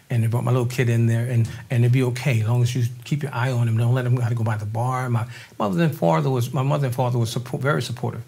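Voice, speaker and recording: A husky older man from New Orleans, speaking at a middle pitch in a loose, chatty interview. He tells his stories with lively turns, acting out the voices of the people in them and laughing along the way. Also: very fast, hardly any pauses. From New Orleans, Louisiana. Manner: animated storyteller, acts out quoted voices, laughs often. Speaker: guest drummer. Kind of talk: casual interview storytelling.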